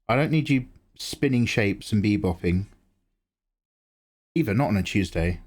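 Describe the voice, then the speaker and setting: An adult man hosts a live drawing stream in a slightly mellow, expressive voice, speaking at a measured pace with frequent pauses. He chats casually and teases viewers while answering chat, jumping up in pitch to greet them.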